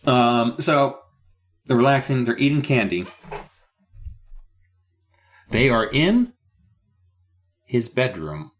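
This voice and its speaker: A man's voice: medium pitch, sing-song, slow pace, long pauses. A man co-hosting a podcast, recapping a book in casual chat with a sarcastic, profane edge. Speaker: podcast co-host.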